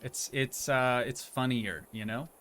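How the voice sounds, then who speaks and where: Medium in pitch, a bit bright, and fairly even in intonation, a young gamer talks at an unhurried pace as he streams. He chats and rambles casually, often poking fun at himself.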